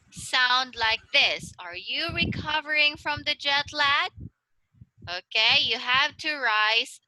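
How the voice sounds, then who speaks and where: A woman tutoring English one-on-one over a video call, speaking slowly and encouragingly and modeling intonation for her student. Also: a little high, pushed and bright, a little hiss or hum, low-quality recording.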